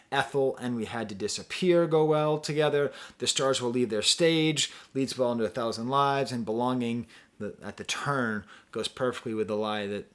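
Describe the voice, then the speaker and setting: A man giving a casual, rambling album review, breaking off into asides to the viewer, his pitch and loudness jumping up and dropping low. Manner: animated, pitch and loudness swing widely. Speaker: music reviewer, channel host.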